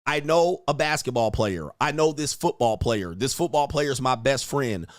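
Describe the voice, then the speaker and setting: A man's voice: medium pitch, expressive, normal speed, no echo, clean studio sound. A man hosting commentary on video clips, blunt and crude, repeating himself and mimicking reactions. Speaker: host.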